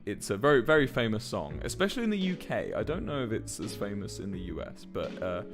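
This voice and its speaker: A man's voice: on the low side, big pitch swings, fairly quick, over music. A man in his twenties tells a rambling story casually on a livestream and swears often. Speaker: musician and streamer.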